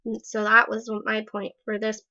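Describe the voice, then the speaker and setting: A woman's voice: on the high side, completely flat delivery, normal speed, sharp tone. A woman vlogging casually, chatty and rambling with many fillers and self-deprecating laughs. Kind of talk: casual personal vlog. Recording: dull lo-fi sound.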